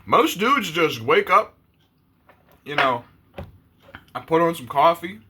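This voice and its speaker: A man's voice: on the high side, very animated, takes it slowly, bright, forceful tone, slight background noise. A man talking to camera in a casual, blunt and profane rant on his own channel. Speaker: YouTuber.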